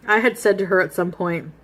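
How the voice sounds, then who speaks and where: A woman's voice: lowish voice, moderate pace. A woman telling a chatty, confessional story while eating on camera, casual storytime. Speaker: mukbang vlogger.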